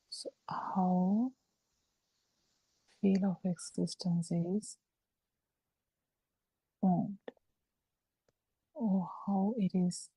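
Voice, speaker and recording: A woman giving a slow, halting Buddhist dharma talk over a video call, with frequent fillers. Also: fairly low pitch, mellow, slightly rough, no echo, poor audio. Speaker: Buddhist teacher.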